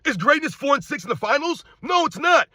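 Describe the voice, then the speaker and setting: A man's voice: very high-pitched, sing-song, fairly quick, no echo, studio quality. A man giving ranting sports commentary, hammering his point with repeated rhetorical questions and calling out to viewers as guys. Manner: emphatic, repetitive rhetorical questions; addresses viewers as guys, occasional shouting.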